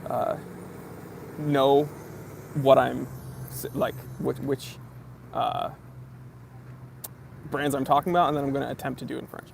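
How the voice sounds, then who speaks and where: Young man, American accent, livestream host, slangy and relaxed, a little fry in the voice, medium pitch. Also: unhurried, long pauses, a little hiss or hum. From United States. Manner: laid-back, chatty, bro-ish slang. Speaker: watch channel host. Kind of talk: casual livestream Q&A reading viewer comments.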